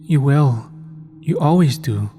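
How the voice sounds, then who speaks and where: Man voicing Death as a gentle pale lady. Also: medium pitch, expressive, takes it slowly, soft background music, voice pushed up. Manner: soft, sweet and melancholy. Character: sad gentle pale woman, Death incarnate.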